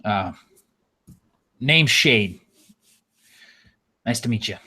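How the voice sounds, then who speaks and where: A man's voice: fairly low pitch, animated, very slow, bright, forceful tone, breathy edge, voice pushed down, heavily acted. A man voicing a wary, dry-humored male desert nomad who speaks in a guarded way.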